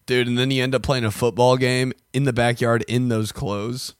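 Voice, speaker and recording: A man's voice: medium pitch, flat delivery, normal speed, clean tone. A man co-hosting a podcast, telling rambling funny stories and acting out his own thoughts. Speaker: podcast co-host. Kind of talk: casual comedic chat.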